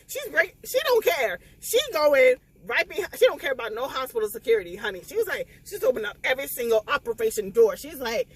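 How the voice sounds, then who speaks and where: Animated tearful woman recapping a book. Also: sits high, fairly quick, low-quality recording. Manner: animated, emotional retelling with quoted dialogue. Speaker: book vlogger. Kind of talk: casual spoiler recap vlog.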